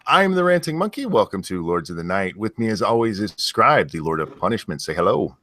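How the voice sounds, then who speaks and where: A man hosting a casual podcast in a lowish voice, often stumbling and repeating himself as he talks. The sound is close and dry. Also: very animated, sharp tone, dry recording. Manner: halting, stammering restarts, easy laughter. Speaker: podcast host.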